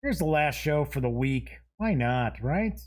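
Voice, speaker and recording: With a fairly high, somewhat dark voice, a man hosting a show narrates an unboxing in a relaxed, unhurried, expressive way. He lists off item names in turn, tossing in brief comments and laughing at his own remarks.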